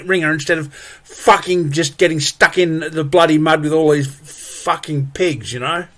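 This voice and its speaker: A man's voice: fairly high pitch, fairly even intonation, moderate pace, hardly any pauses, a bit bright. A man ranting angrily and profanely, full of exasperated repetitions. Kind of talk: angry solo rant.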